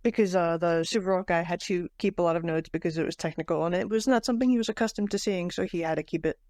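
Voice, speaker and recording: A woman's voice: lowish voice, fast talker, a little mellow, no echo, studio quality. A woman co-hosting a podcast, chatting casually about a book with fillers and restarts. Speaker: podcast co-host. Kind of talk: casual book club chat.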